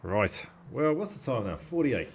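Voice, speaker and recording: Man, young adult, live race commentary, animated up-and-down voice, jokey banter. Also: medium pitch, normal speed, slight background noise. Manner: chatty, jokey and swearing, thanking subscribers. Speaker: sim racing commentator and streamer.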